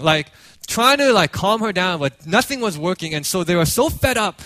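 Lively animated male preacher. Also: high-pitched, fairly quick, dry recording. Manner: animated, acts out quotes, frequent "like" fillers. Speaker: pastor. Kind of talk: sermon storytelling.

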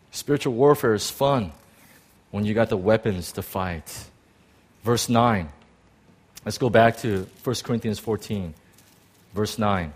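A man preaching a sermon in an animated, rambling way, with self-deprecating asides, speaking to a church congregation. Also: fairly low pitch, a little slow, long pauses, slightly rough. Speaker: pastor.

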